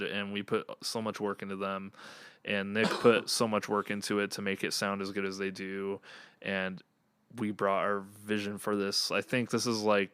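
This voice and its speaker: A young man chats on a podcast in an earnest, rambling way, full of fillers and restarts. His voice sits a little low and sounds smooth and clean. The recording is dry, with no room sound. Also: a bit bright, dry recording. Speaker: podcast co-host and band member. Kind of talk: casual chat.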